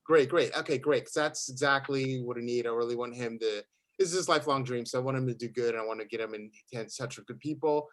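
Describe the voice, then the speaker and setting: A man in a networking group role-playing a referral call, speaking in a friendly, steady way with slight hesitations. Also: mid-range voice, quick pace, dry recording.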